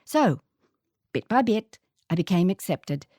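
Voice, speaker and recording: A woman's voice: fairly low pitch, sing-song, a little slow, mellow, no room sound, studio quality. Older Australian woman reading her memoir. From Northern England, raised in Queensland. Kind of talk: first-person story reading.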